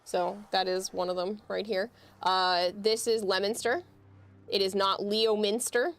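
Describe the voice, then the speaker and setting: A woman's voice: medium pitch, little pitch movement, measured pace. A woman, chatting casually on a livestream and explaining with amused laughs.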